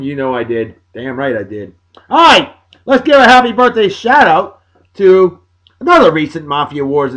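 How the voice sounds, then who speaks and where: Exuberant New man, lively pitch. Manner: exuberant, folksy catchphrases. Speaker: podcast host giving birthday shout-outs. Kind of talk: casual chat.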